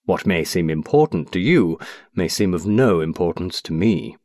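A man voicing a mild, mysterious stranger who speaks calmly and in a measured way in a storybook reading. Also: low-pitched. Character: calm, mysterious male stranger with a luminous stare.

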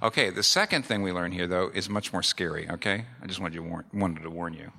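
A man's voice: sits low, pushed and bright. A middle-aged male pastor preaching a sermon with emphatic repetition. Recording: long reverb of a large hall.

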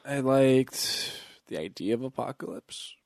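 A man's voice: mid-range voice, lively intonation, measured pace, gravelly, a little mellow, dry recording, studio quality. A man in a casual movie podcast, joking and teasing his co-hosts. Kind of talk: casual movie-review chat.

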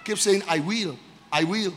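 A man preaching a sermon, calling out to the congregation and stretching key phrases with loud emphasis. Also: sits high, unhurried, in a large hall. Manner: call-and-response with the congregation. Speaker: pastor. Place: church.

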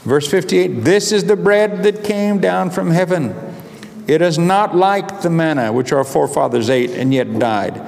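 Male preacher, slightly high voice, slow deliberate sermon delivery, long hall echo, faint noise. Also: vocal fry, a little mellow. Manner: slow, drawn-out emphatic delivery, reading scripture aloud.

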